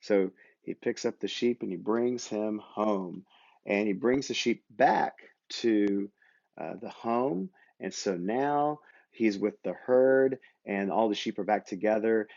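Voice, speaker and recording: A man teaching a children's Bible lesson, talking gently and playfully to the kids and acting the story out with toys. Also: lowish voice, slow pace, gravelly, highs cut off. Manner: puts on simple voices for toy figures. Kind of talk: kids' Bible lesson with toy puppets.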